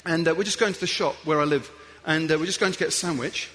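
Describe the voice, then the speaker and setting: A man giving a playful, animated talk to an audience as a guest speaker, acting out little scenes as he goes. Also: on the high side, fast, slight background noise. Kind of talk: lively motivational talk to an audience.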